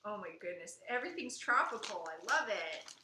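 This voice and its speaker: A woman co-hosting a casual podcast chat, gushing and excitable, laughing often. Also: medium pitch, fairly quick, background noise. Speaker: podcast co-host. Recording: echoey room.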